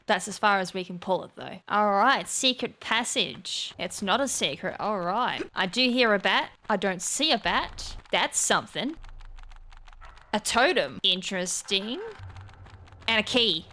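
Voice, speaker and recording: A woman's voice: medium pitch, lively intonation, measured pace, sharp tone. A woman hosting a gaming channel, chatting casually as she plays, thinking aloud, poking fun at her own mistakes and breaking into sudden exclamations. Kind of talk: casual let's-play commentary.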